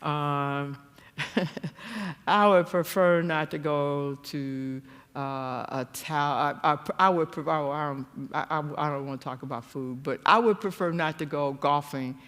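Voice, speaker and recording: A woman giving a church seminar talk, telling stories animatedly and jumping to a high voice when she acts out quotes. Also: measured pace, a bit bright, in a large hall. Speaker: guest speaker. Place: church hall.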